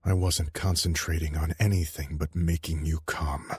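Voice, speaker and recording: A woman voicing a scarred, ruthless grown-man mafia boss in an audiobook, in a low, slow murmur. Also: fairly even intonation, a little mellow, slightly rough, dry recording, clean studio sound, exaggerated voice. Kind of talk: audiobook character voice.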